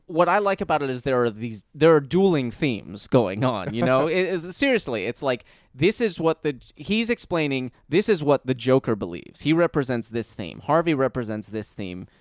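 A man chatting casually while watching a film, animated and often restarting his sentences. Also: medium pitch, moderate pace, few pauses, no echo, clean studio sound. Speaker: film commentary co-host. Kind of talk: casual movie commentary chat.

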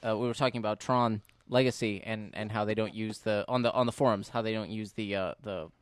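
Smooth-voiced, easygoing man. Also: on the low side, steady tone, a little fast, no echo, studio quality. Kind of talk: casual chat.

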